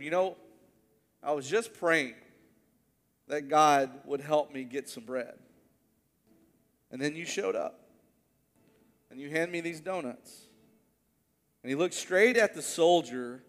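A male pastor preaching a sermon, telling a story earnestly and slowing down on key words. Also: a little high, big-room sound. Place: church sanctuary.

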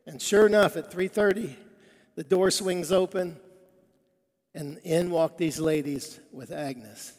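High-voiced preacher telling a story in an echoing hall. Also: male voice, slow. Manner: animated storyteller quoting characters. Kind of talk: sermon storytelling. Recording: long reverb of a large hall.

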